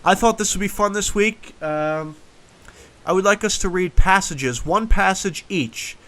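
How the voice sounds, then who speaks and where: A man hosting a casual gaming podcast, upbeat and bossy, quick to laugh. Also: high-pitched, a bit bright. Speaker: podcast host. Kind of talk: casual chat.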